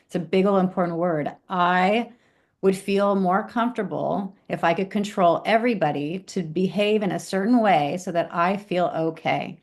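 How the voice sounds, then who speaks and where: A woman's voice: lowish voice, moderate pace. Reflective woman leading a class. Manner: reflective, often asks "right?". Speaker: class leader. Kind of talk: spiritual class conversation.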